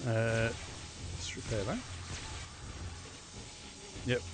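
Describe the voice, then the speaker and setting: A man's voice: mid-range voice, flat delivery, drawn-out words, noisy background. A man streaming a game, chatting casually with rambling, sardonic and profane asides. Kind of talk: casual gameplay chat.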